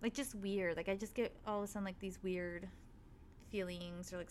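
A woman telling a spooky personal story in casual chat, animated and swearing freely as she acts out what people said. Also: fairly low pitch, normal speed, slight background noise. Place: apartment.

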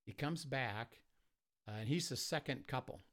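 A man who leads a marriage ministry, telling a story in an interview, softly and with many pauses and fillers. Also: mid-range voice. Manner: soft-spoken, many fillers, acts out quotes.

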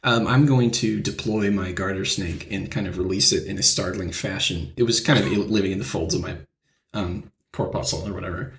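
A man plays a comedy tabletop game, dropping dry, wry remarks. His voice is remarkably deep. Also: fairly quick, a bit bright. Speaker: player.

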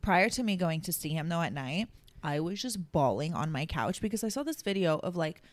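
Young woman podcast co-host, low-middle voice, chatty and emotional, dry close sound. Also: lively intonation, a little fast, dry recording. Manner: chatty, emotional, many fillers. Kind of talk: casual chat.

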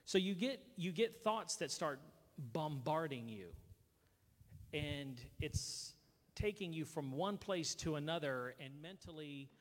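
Earnest guy telling his faith story, kinda high voice, lots of restarts, echoey hall. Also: expressive. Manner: earnest, confessional, halting restarts. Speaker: speaker sharing a personal testimony. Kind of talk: personal testimony talk. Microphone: handheld mic.

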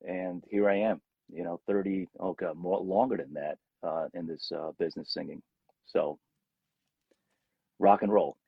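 A gravelly, husky middle-aged man with a lowish voice tells stories from his singing career in an animated way, acting out quotes. The sound is dry and a bit dull. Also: unhurried, dry recording. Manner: animated storyteller, acts out quotes. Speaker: rock singer, guest. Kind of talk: casual storytelling interview.

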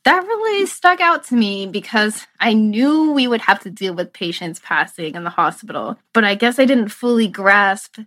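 A woman's voice: medium pitch, animated, moderate pace, hardly any pauses, fairly bright tone, no room sound. Reflective young woman, dry close sound. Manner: earnest, reflective, laughs through emotional moments. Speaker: medical student. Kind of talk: casual conversational storytelling.

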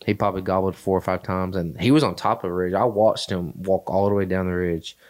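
Deep-voiced man telling a rambling story. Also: fairly even intonation, a little fast, a little mellow. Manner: rambling storyteller, many fillers and restarts. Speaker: podcast host. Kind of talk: casual chat.

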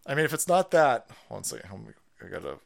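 A man hosting a stream, ranting loudly about politics with constant swearing and bursts of laughter. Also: mid-range voice, sing-song, fast talker, creaky. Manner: loud, swearing, laughing at his own jokes. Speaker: stream host. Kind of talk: profane political rant.

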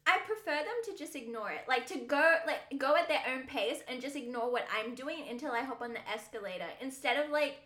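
A woman's voice: sits high, expressive, a little fast, hardly any pauses, pushed and bright, reverberant. A young woman co-hosting a podcast, chatting animatedly, swearing and laughing often. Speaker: podcast co-host. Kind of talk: casual chat.

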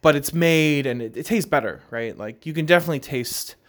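A young man from Long Island with a New York accent, hosting a casual solo podcast in a relaxed, chatty way full of "uh", "you know" and "right?". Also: fairly high pitch, a little fast. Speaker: podcast host.

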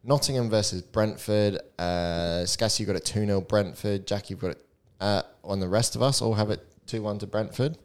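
A man hosting a casual football podcast with friends, reading out score predictions in a steady list and swearing bluntly. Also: lowish voice, moderate pace, hardly any pauses. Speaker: podcast host.

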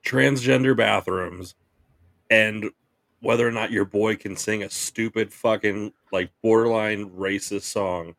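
A man's voice: fairly low pitch, steady tone, a little slow, a bit bright, no room sound. A man co-hosting a podcast who rants with heat and swears freely, then laughs and jokes along. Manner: fired-up ranting, then joking and laughing. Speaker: podcast co-host. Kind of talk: casual profane chat.

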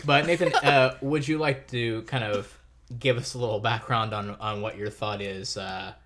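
A man hosting a podcast in casual chat, chatty and quick to laugh. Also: mid-range voice, steady tone, very noisy. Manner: chatty, laughing, full of fillers. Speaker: podcast host.

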